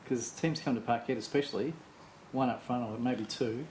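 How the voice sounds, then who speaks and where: A man's voice: medium pitch, darkish tone, slight background noise, low-quality recording. A man, sharing football opinions in a casual podcast chat and often ending with tag questions. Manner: quick, musing football opinions, tags questions. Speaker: podcast co-host.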